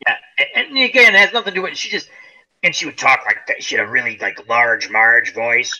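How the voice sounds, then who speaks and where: The host of a casual group chat, a middle-aged man, talks quickly in a fairly high voice, animatedly telling stories and acting out the people he quotes. The audio sounds dull.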